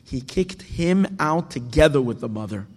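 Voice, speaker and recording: A man reading and explaining a parable, halting often and restarting his words. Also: mid-range voice, animated. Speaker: teacher. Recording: echoey hall with long reverb.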